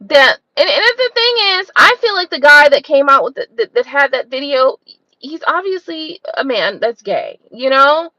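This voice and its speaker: Female host, unscripted rant, blunt and exasperated; very lively high voice. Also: moderate pace, no echo, rough recording. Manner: blunt, profane, exasperated ranting with rhetorical questions. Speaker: tarot reader and channel host.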